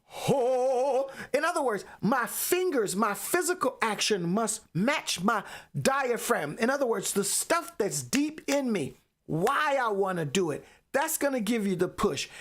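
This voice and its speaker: A woman hosting a live motivational faith talk, emphatic and preachy, repeating phrases for effect. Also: mid-range voice. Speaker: podcast host.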